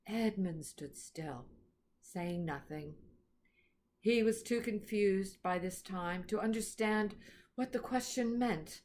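A woman narrates a children's storybook at a very slow, deliberate pace, taking care over each phrase. A faint hiss runs under the recording. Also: medium pitch, darkish tone. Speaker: reader. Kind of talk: storybook read-aloud.

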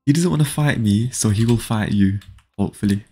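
A man's voice: on the low side, brisk, breathy edge. A young man streaming a game live, chatting with viewers and urging a friend to fight. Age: young adult. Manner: excitable, pleading and laughing, talks to chat. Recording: faint background music.

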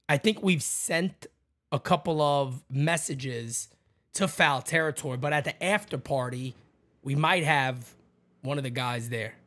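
Middle-aged guy hosting a live stream, kinda high voice, bounces all over the place, yells out names of folks in chat. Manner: animated, jumps high and loud when greeting viewers by name.

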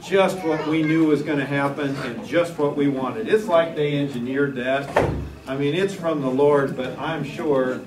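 A man teaching a Sunday school Bible class, animated and full of joking asides. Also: a little high, a little slow. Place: church classroom. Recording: echoey room, distant mic, faint hiss.

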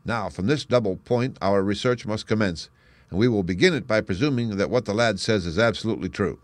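A man voicing a confident male detective in an audiobook, crisp and brisk, pitching his voice up and speaking louder for the role. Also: dry recording, lightly acted. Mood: explaining. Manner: brisk, crisp, declaiming deductions. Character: sharp, confident male detective, lively and assured. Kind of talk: audiobook character reading.

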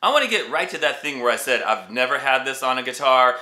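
A man's voice: mid-range voice, big pitch swings, fast talker, sharp tone. A man hosting a casual, enthusiastic guitar review, chatting to viewers as he demonstrates. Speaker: guitar reviewer and YouTube host. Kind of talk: casual product review and demo. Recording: echoey room.

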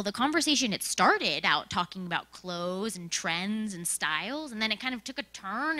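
A young woman giving a casual, animated talk about her work, telling stories and often checking in with "right?" and "like". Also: medium pitch. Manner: animated storytelling with frequent "right?" and "like". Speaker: presenter sharing work experience. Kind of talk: conversational presentation.

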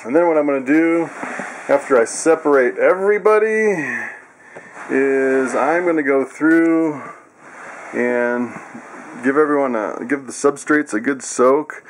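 A man's voice: unhurried, slight background noise. A man casually walking viewers through his animals in a vlog, chatty and laughing often. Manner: coos in high excited tones at pets. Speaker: vlogger.

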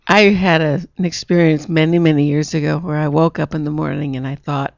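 A woman's voice: low voice, steady tone, brisk, vocal fry, few pauses, darkish tone, no room sound. A woman hosting an internet radio talk show, chatting casually with a guest and telling stories in which she acts out quotes. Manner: storytelling, acts out quotes in her own voice. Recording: dull lo-fi internet radio sound.

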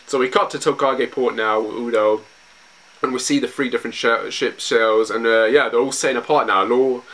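A man's voice: medium pitch, fairly even intonation, normal speed, bright, forceful tone. A young man giving casual commentary as a comic reviewer, loose and full of fillers, laughing often.

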